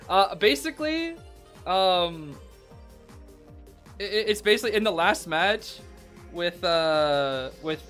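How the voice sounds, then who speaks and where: This young streamer, his voice a little high, co-casts an esports match in a casual, excited way. Laughter comes often, he says "bro" constantly, and he tends to repeat himself.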